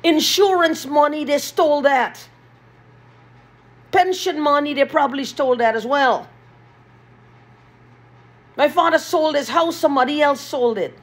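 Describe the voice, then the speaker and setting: A woman's voice: high voice, unhurried, pauses often. A woman in an agitated, repetitive vlog rant, swearing often, recorded in a small basement room. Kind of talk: ranting vlog monologue.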